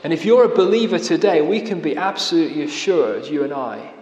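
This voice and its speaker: A man preaching a sermon, earnest, slowing down to stress key words and dropping to a quiet voice at the ends of phrases. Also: fairly high pitch, expressive, dull audio. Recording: echoey hall with long reverb.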